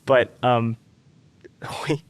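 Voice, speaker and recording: A man's voice: medium pitch, very slow, no echo. A young man from Tennessee, a singer guesting on a podcast, telling his story casually and acting out what others said. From Tennessee, USA. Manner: animated storyteller who acts out quotes.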